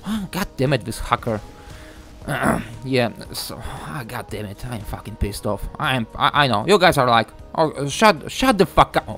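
A young man giving a ranting gameplay commentary, frustrated and swearing, halting with many fillers. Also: medium pitch, lively intonation, vocal fry, pushed and bright, faint music behind. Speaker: gaming YouTuber.

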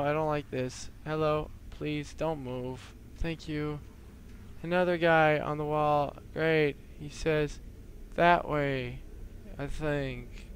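A man with a smooth, clear voice, a little high, narrates a horror game in a slow, drawn-out way. He sounds jittery and keeps talking back to the game and to his viewers. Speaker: let's play host.

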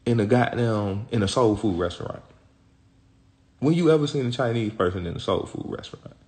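A man's voice: medium pitch, brisk, darkish tone. A man talking as an interview guest in casual street talk, rambling and slang-heavy, swearing often and asking "you feel me" again and again.

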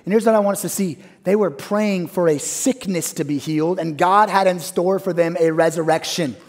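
A man with a high-pitched voice preaches a sermon to a church congregation. He swings from loud, soaring exclamations down to quiet, hushed phrases. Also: moderate pace. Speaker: pastor.

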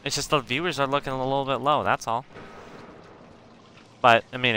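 A man's voice: mid-range voice, steady tone, normal speed, bright, forceful tone, a little hiss or hum. A young man giving live commentary on a game he is playing, chatting to his viewers in a rambling way. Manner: rambling, talks to his viewers, shrieks after a jump scare. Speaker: game streamer.

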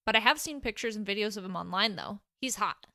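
A woman's voice: mid-range voice, expressive, fast, vocal fry, bright, forceful tone, no room sound, clean studio sound. A woman voicing a bubbly, chipper teenage girl hero who likes to tease. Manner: chipper and teasing.

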